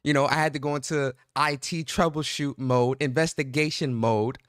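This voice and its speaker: A man with a New York accent hosting a casual gaming podcast, introducing his co-host with loud, playful hype. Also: mid-range voice, fairly even intonation, normal speed, no room sound, clean studio sound.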